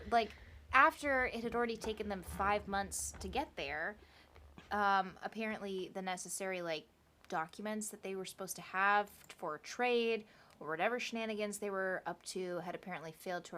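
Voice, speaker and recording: A woman's voice: mid-range voice, moderate pace, sharp tone, slight background noise. A woman co-hosting a podcast, telling a history story in a casual, chatty way with laughing asides. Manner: chatty, laughing asides and playful quoted voices.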